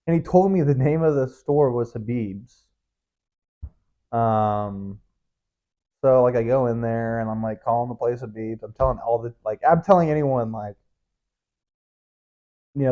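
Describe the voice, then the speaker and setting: Rambling, swearing young man, mellow tone. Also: medium pitch. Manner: rambling, profane, self-interrupting, laughs often. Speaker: podcast host. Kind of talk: casual rambling monologue. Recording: dull lo-fi recording.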